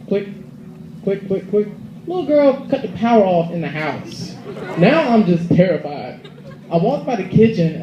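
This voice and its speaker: A man's voice: high voice, dull audio. A young man performing a stand-up comedy set, telling stories and acting out the characters' lines. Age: young adult. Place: school auditorium stage. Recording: echoey hall with audience noise. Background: audience laughter and murmur.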